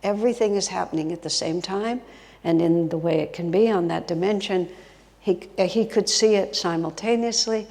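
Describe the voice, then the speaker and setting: A woman's voice: lowish voice, normal speed, darkish tone. A woman giving a spiritual talk as a guest teacher, telling stories expressively and dropping to a whisper for emphasis. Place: retreat hall. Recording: long hall reverb.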